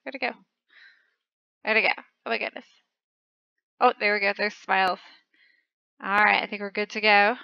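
A woman hosting a channel, giving excited commentary as she plays a game, gushing and squealing at close calls. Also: mid-range voice, normal speed, creaky, pauses often, no echo, muffled recording. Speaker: channel host.

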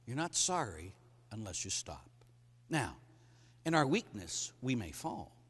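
A middle-aged man, a Catholic priest, preaching a sermon to men, emphatic and acting out stories with sudden loud bursts. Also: fairly low pitch, big pitch swings, measured pace, breathy edge. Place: large hall at a conference. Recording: reverberant hall.

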